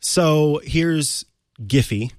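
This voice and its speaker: A young man co-hosting a casual tech talk show, friendly and quick to laugh as he explains messaging apps. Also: on the high side, dry recording, clean studio sound. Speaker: podcast co-host.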